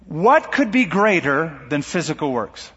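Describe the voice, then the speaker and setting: A man preaching a sermon, with dynamic delivery that swings between rising emphasis and quiet drops. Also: a little high, very animated, a little slow, slight background noise. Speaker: pastor. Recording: dull recording in a large reverberant hall.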